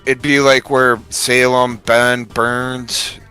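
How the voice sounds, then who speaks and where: A man's voice: medium pitch, flat delivery, slow pace, bright, forceful tone, smooth, faint music behind. A man casually chatting as co-player, helpfully giving directions. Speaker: co-player on the stream. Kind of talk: casual chat.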